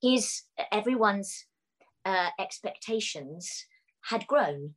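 A middle-aged British woman, a musical theatre actress, telling animated stories and laughing often as a guest. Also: mid-range voice, slow pace, poor audio. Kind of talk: casual anecdotal chat.

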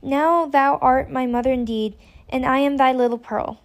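A woman's voice: sits high, steady tone, normal speed, close to an everyday voice. A woman reading the part of a wilful, elfin little girl in an old-fashioned storybook, with simple archaic child's speech. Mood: tender. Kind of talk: audiobook character reading.

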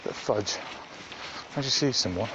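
A man vlogging casually while walking dogs on a muddy country path, chatting to the camera between loud calls to his dogs. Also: lowish voice, a little slow. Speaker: dog walker. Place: outdoors on a muddy rural path. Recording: muffled outdoor recording with background noise.

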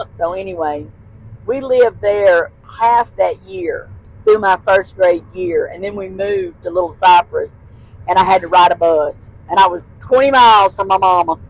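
A woman's voice: fairly low pitch, measured pace, rough recording. A woman, a guest telling childhood stories in casual chat, laughing often and using folksy phrasing. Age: 60s.

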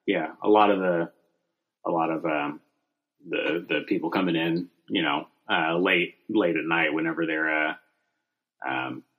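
A man co-hosting a podcast, talking in a deadpan, rambling way with many fillers. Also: rumbling low, unhurried, phone-quality sound. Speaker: podcast co-host. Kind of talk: casual comedic chat.

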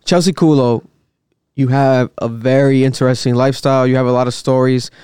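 A man's voice: medium pitch, steady tone, a little fast, darkish tone, clear, resonant tone, dry recording. Laid-back male podcast host, dry sound. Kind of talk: interviewing.

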